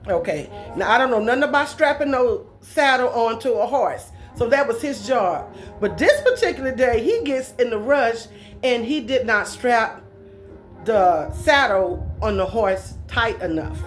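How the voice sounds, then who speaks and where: A woman with a high voice tells a personal story the way she'd tell it to friends. Her talk is folksy and colloquial, and she plays up the drama. Faint music sits underneath. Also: animated, a little slow.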